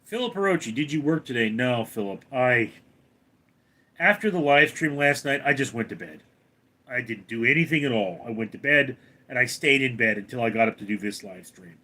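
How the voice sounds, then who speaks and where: A man's voice: expressive, moderate pace. A man live streaming from home, reading viewer names aloud and answering them in a casual chat. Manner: reads viewer names out loud, then answers in a lower voice.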